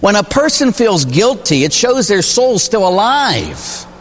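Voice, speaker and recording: Lively, emphatic male preacher in an echoing hall. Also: measured pace. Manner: emphatic, storytelling preacher with sudden pitch jumps. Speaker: Catholic priest. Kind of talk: sermon.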